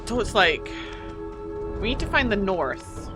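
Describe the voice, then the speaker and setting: A woman's voice: mid-range voice, unhurried, music in the background. A woman streamer chatting casually as she plays, thinking aloud and getting flustered. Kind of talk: casual live gameplay commentary. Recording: steady background noise.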